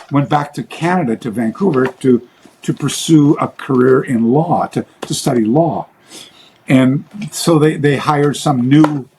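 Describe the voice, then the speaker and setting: A man speaking as an interview guest in a casual chat, rambling and halting, with many fillers and restarts. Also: medium pitch, a little mellow, a little hiss or hum, low-quality recording.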